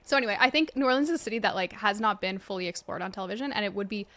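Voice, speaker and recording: A woman's voice: medium pitch, a bit bright. A woman hosting a podcast in casual, enthusiastic chat. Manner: enthusiastic, quick, chatty. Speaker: podcast host.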